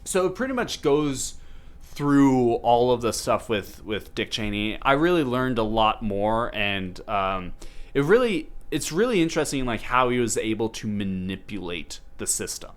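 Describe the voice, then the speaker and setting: A man's voice: mid-range voice, very animated, unhurried. Rambling young-sounding podcast man. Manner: rambling, lots of fillers and restarts. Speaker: podcast host. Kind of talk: casual chat about a movie.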